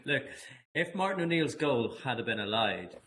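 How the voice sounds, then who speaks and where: A man guest on a podcast, retelling football memories in lively casual chat full of restarts and laughter. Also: medium pitch, takes it slowly, slight background noise. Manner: lively storyteller, many restarts, frequent laughs.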